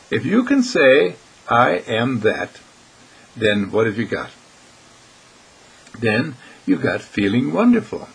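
A man's voice: medium pitch, low-quality recording. A man giving a short inspirational talk as dean of a healing school, repeating his points with emphasis and acting out his listeners' questions. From United States. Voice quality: gravelly, husky.

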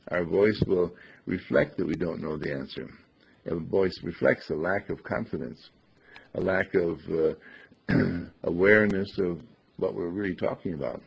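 A man giving an earnest, deliberate lesson on speaking clearly. He often clears his throat and restarts his phrases. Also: sits low. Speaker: speech teacher. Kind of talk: instructive talk on clear speech. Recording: dull lo-fi recording.

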